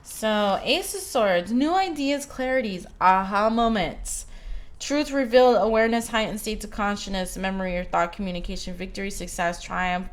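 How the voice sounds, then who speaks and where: A woman's voice: mid-range voice, normal speed. A young adult woman giving a tarot reading to her viewers, talking in a rambling, emotional, confiding way. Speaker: tarot reader. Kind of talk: casual tarot reading monologue.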